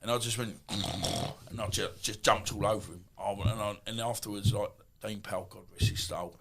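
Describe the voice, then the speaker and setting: A man in his fifties with an Essex accent, telling stories as a podcast guest in a rambling, animated way with many asides. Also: on the low side, normal speed, vocal fry, slight background noise. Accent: Essex English. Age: 50s. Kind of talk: casual storytelling.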